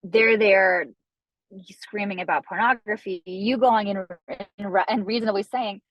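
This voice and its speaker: A woman's voice: medium pitch, fairly even intonation, normal speed, fairly bright tone, dry recording, rough recording. A woman author, a guest in a library discussion, explaining earnestly with frequent restarts. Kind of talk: discussion talk.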